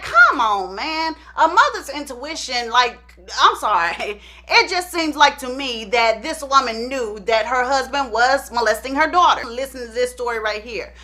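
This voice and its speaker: A woman telling a story in casual, animated commentary, emphatic and chatty. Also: high voice. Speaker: YouTube storyteller.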